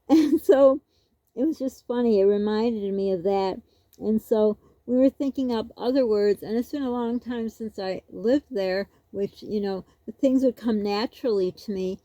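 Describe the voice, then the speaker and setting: A woman's voice: on the high side, measured pace, warm tone, no room sound. A woman vlogger telling a rambling, casual story, laughing often as she goes.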